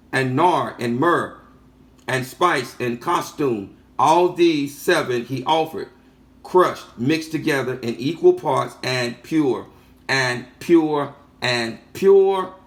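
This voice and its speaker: A man giving a sermon teaching, reading out passages and repeating phrases for emphasis with rhetorical questions. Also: on the high side. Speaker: preacher.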